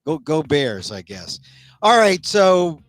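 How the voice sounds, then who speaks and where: A man's voice: a little high, very animated, no room sound. A man hosting a talk show, chatting casually and agreeably with a guest. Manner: conversational, agreeable, frequent quick affirmations. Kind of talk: casual chat.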